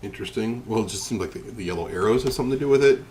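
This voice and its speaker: Quiet guy at game night, really deep voice, kinda mumbly and half-whispered. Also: very fast, a little hiss or hum. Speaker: player. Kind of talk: casual tabletop game chat.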